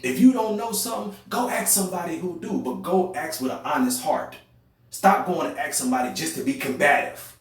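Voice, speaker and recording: Speaking fairly quickly, this young podcast host rails in a heated sermon-like monologue in an AAVE accent, swinging from loud bursts to low, hushed passages and repeating himself. The mic catches him from far off in a strongly echoing room.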